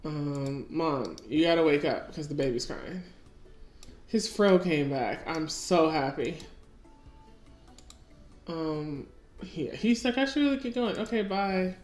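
With a low, darkish, expressive voice, a woman speaks at a slow pace and pauses often. She's a chatty let's-play gamer casually commenting on her gameplay and addressing her characters, recorded in an echoey room with faint music.

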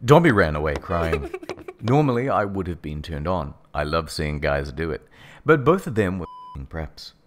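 A man narrating a comic reading in a deadpan, sarcastic style. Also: deep voice, normal speed, background noise. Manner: deadpan delivery of absurd text, sarcastic. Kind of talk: mock-dramatic comedic reading.

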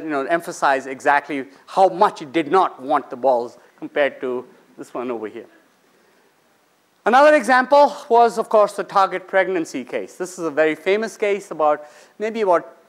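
A man, a finance professor, lecturing students in a conversational way, asking the audience questions and briefly acting out the people in his stories. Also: sits high. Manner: acts out quoted people in short bursts.

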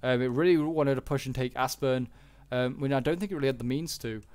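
A man talks through a replay of a strategy game battle in a loose, unscripted way. He hesitates often, corrects himself mid-sentence, and fills gaps with ums and likes. His voice sits at an ordinary middle pitch for a man. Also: brisk, a little mellow, smooth. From Britain. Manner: rambling, hesitant, many fillers and self-corrections. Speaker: gaming channel host. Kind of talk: casual gameplay commentary.

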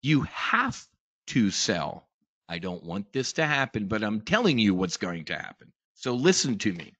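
A man hosting a trading show, giving a brash, profane, emphatic investing pitch. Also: big pitch swings, measured pace, fairly bright tone, dry recording.

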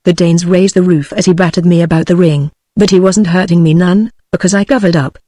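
A text-to-speech voice of a woman with a British accent, reading a novel aloud with an even, synthetic delivery. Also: lowish voice, a little fast, no room sound, clean studio sound. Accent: British English. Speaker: audiobook narrator.

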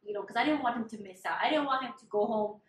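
Chatty, higher-voiced woman in an echoey room. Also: fast, slight background noise. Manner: chatty, detailed, laughs often. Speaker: vlogger sharing her surgery experience. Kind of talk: casual storytelling chat.

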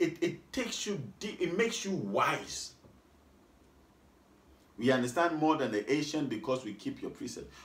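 A man's voice: medium pitch, fairly bright tone. Echoey preacher man, repeats lines for the congregation. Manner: rhythmic, repeats lines, asks the congregation what. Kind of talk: sermon with call and response.

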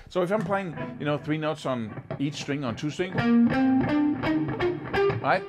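A man teaching a guitar lesson in a casual, animated way, sometimes singing rhythms as syllables. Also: fairly high pitch, a little slow, pauses often, muffled recording. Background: guitar playing.

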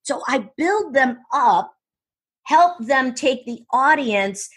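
A woman speaking coach telling stories in an interview, excitable and full of quick restarts and asides. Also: sits high, breathy edge. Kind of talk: enthusiastic interview storytelling.

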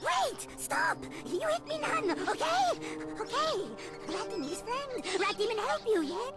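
An actress voicing a small, scheming rat demon who grovels and talks in broken grammar in a video game. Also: female voice, very high-pitched, very animated, unhurried, heavily acted. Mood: wheedling. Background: game music.

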